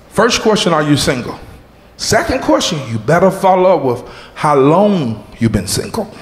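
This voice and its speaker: A man doing a stand-up comedy set on a club stage, loud and animated, shouting punchlines, making sound effects and calling out audience members and crew. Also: a little high. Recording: roomy club echo with crowd noise. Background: audience laughter.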